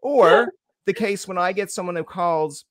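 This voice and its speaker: A joking young host from who talks in a loose, chatty way. His voice sits a bit high for a man. The sound is dry and close, with no room around it. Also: measured pace, no echo. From Newfoundland. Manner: chatty, joking, heavy use of "like". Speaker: podcast host. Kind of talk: casual chat.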